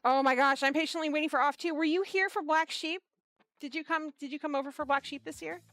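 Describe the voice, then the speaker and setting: An animated woman from the Pacific Northwest chats on a livestream for her small yarn shop, her voice a touch high and lively. She stumbles over restarts, laughs easily and swears without a second thought, while soft music plays faintly underneath. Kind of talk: casual livestream chat with a staged phone-call skit.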